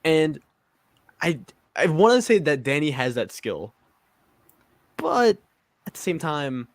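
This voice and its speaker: A man co-hosting a podcast, chatting in a relaxed, joking way and hedging his opinions. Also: fairly high pitch, takes it slowly, no echo. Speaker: podcast co-host. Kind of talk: casual chat.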